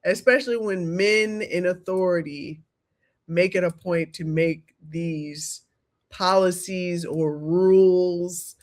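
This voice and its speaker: A woman co-hosting a casual podcast, speaking in a measured, playfully exasperated way. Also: fairly low pitch. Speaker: podcast co-host.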